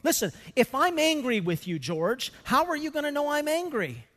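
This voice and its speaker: A man preaching a sermon as a pastor, animated and swinging between loud emphasis and hushed asides. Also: extremely high pitch, normal speed. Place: church sanctuary. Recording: long reverb of a church hall.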